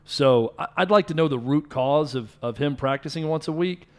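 A man's voice: a little high, normal speed. A man co-hosting a sports talk show, opinionated and often restarting his sentences.

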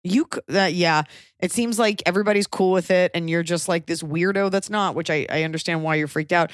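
Woman, 30s, advice co-host: blunt, emphatic, swears freely, mid-pitched, dry close mic. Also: a little fast, no room sound. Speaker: podcast co-host giving advice. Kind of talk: casual advice chat.

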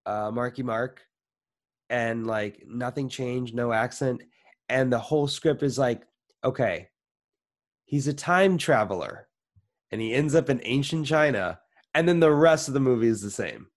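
A man with a mid-range voice talks a little slowly as he chats casually about a film on a podcast, joking around and cutting in on his co-host.

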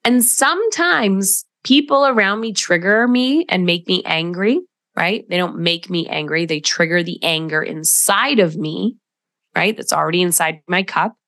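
A woman's voice: fairly low pitch, unhurried, fairly bright tone, no echo, clean studio sound. A woman hosting a solo podcast, talking in a reflective coaching tone and often checking in with "right?". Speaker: podcast host.

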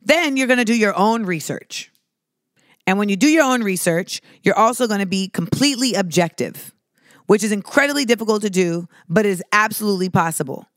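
A woman podcast host talks through listener questions in a loose, candid way, swearing freely and filling her sentences with "like." Her voice sits at a middling pitch, and the recording is close and dry with no room sound. She jumps her pitch up sharply when she wants to stress a point. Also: animated, brisk, dry recording. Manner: candid, profane, digressive, many "like" fillers. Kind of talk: casual advice talk.

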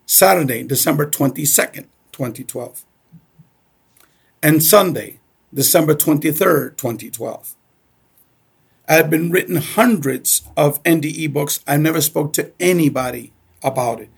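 Middle-aged Cuban-born man, gravelly and husky, chatty storyteller who keeps asking "okay?". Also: fairly high pitch, a little slow. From Cuba. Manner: repeats "okay?" often, animated storyteller. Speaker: guest. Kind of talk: casual storytelling.

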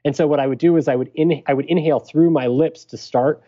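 A man who is a physician guest on a podcast interview, explaining things in a measured, careful way. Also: fairly high pitch, fairly even intonation, warm tone, highs cut off.

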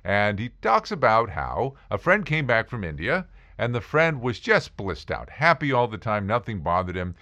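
A middle-aged man hosts a podcast as a comic monologue, full of sarcastic asides. His voice is bright and forceful. His pitch swings widely as he tells the story. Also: sing-song, normal speed. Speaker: podcast host. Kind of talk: comedic monologue.

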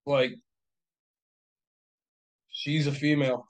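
A man's voice: mid-range voice, level tone, slow, poor audio. A man co-hosting a casual chat, talking bluntly and heatedly, swearing often and rambling with lots of fillers.

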